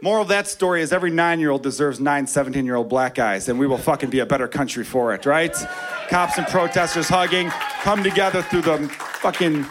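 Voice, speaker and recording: A man's voice: fairly high pitch, brisk, fairly bright tone, some chatter behind. A man telling a story in stand-up, profane and self-mocking. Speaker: stand-up comedian.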